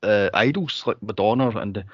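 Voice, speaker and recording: A man co-hosting a casual movie podcast, telling stories and acting out scenes with sudden high squeals. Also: brisk, dry recording, highs cut off. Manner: animated storyteller, acts out scenes in high squeals. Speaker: podcast co-host.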